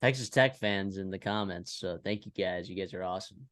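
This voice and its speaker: A man with a low voice co-hosts a sports podcast, briskly leading into each new topic in a casual tone. The recording is dry and close to the mic. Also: a bit bright, no echo. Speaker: podcast co-host.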